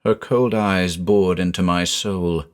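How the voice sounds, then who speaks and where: A man giving a measured, brooding scripted narration of a horror story. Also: sits low, big pitch swings.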